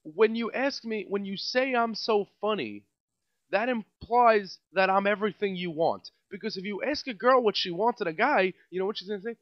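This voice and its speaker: A man with a New York accent doing a comedic rant as a podcast host, sarcastic and mocking, his voice swinging between loud outbursts and mutters. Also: high-pitched, normal speed, dry recording, dull audio. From Staten Island, New York.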